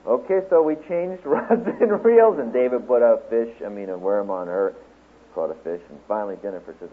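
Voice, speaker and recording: A man speaking at a Bible teaching seminar, telling a story and then lecturing to a class in an animated way, acting out the quotes. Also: mid-range voice, brisk, husky. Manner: animated storyteller, acts out quotes, laughs along. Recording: tinny phone-like lo-fi recording.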